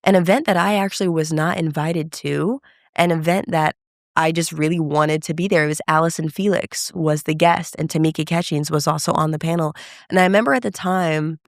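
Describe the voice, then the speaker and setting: A woman telling her story as a podcast guest, with a slightly gravelly edge in her voice. She brings the quoted dialogue to life as she goes. The sound is dry and close. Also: deep voice, brisk, dry recording. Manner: animated storyteller who acts out quoted dialogue. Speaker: emcee and keynote speaker, guest.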